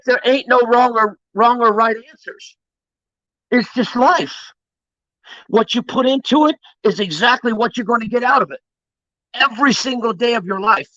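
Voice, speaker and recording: A man's voice: very high voice, a bit bright, no echo, highs cut off. A man giving a live-streamed motivational talk, preachy and emphatic, swearing freely. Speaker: motivational livestreamer.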